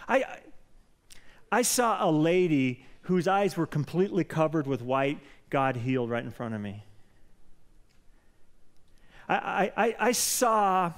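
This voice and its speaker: A man preaching from a church pulpit, telling a story with animated energy. His voice sits a little on the high side, and it rises sharply and loudly whenever he quotes someone praying. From Colorado. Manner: storytelling, animated, rising loud when quoting prayer. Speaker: pastor. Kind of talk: sermon. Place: church sanctuary.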